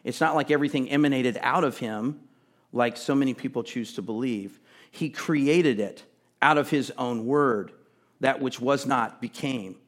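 A man's voice: mid-range voice, normal speed. Man preaching a conversational sermon. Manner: conversational preaching with asides and emphatic repetition. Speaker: pastor.

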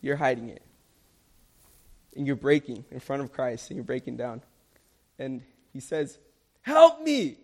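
A man's voice: mid-range voice, fairly even intonation, unhurried, pauses often, darkish tone, husky. A young man preaching a sermon, earnest and emphatic, repeating key lines for stress.

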